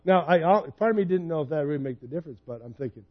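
A man's voice: fairly high pitch, very fast, muffled recording. A man in his fifties preaching a sermon in a personal, conversational storytelling way. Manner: conversational, personal storytelling, animated when retelling. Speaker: pastor.

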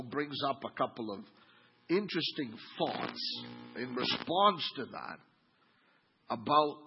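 Lively male preacher, husky voice and a pitch that swings a lot, acts out the crowd, dull lo-fi recording. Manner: animated, mimics the crowd's sneering tone. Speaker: pastor. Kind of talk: sermon.

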